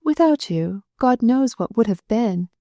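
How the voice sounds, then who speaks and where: A woman reading the part of a gentle, observant married noblewoman in an audiobook. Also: on the high side, lively intonation, unhurried, dry recording, pitched above the performer's own voice.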